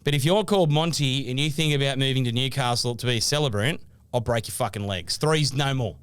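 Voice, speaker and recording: An Australian man in his thirties co-hosting a podcast, telling stories with animated energy and mock sternness. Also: mid-range voice, fairly quick, smooth, dry recording. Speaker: podcast co-host. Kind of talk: casual banter.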